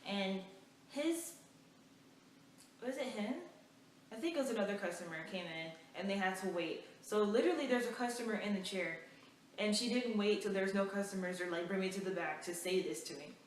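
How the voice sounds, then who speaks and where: A young woman vlogger telling a storytime in an animated, chatty way, full of fillers. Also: medium pitch, moderate pace, a little hiss or hum. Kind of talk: casual storytime. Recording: echoey room, mic far off.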